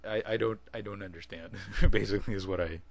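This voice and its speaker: Fast and steady in tone, this lowish voice has vocal fry and lo-fi sound. The vlogger rambles casually through a video response, cutting himself off with chuckles and restarts.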